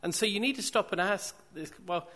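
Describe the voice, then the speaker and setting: A man's voice: high voice, a little fast, sharp tone. A man preaching a sermon, repeating phrases for emphasis and posing rhetorical questions to the congregation.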